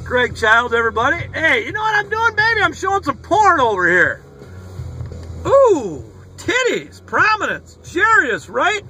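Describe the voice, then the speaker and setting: Very high, lively excitable man. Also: a little slow. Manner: excitable, profane, hollering. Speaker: sports card collector opening mail. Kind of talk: casual card-opening vlog. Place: inside a car. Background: rock music playing faintly.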